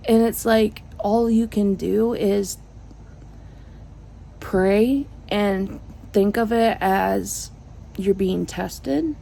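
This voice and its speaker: A woman's voice: medium pitch, drawn-out words, creaky, long pauses, warm tone, low-quality recording. A woman vlogging from home into her phone, giving a rambling, frank update to her viewers with lots of fillers and dry sarcasm. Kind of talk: casual venting update to viewers. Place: at home, indoors.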